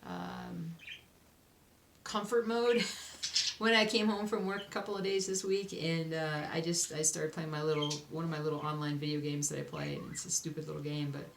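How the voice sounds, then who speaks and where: A young woman with a drawl talks casually to her viewers, rambling and reassuring herself between fillers. Her voice is low and gravelly with a sleepy edge. She is recorded at home in an echoey room with a faint hiss behind her. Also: little pitch movement, normal speed. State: sleepy, yawning. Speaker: cross stitch vlogger. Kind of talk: casual chat to camera.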